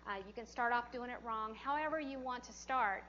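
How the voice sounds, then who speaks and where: A woman's voice: fairly high pitch, brisk, bright, forceful tone, muffled recording, a little hiss or hum. A woman teaching a hands-on CPR class in a training room, chatty and encouraging, often laughing as she talks. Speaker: CPR instructor.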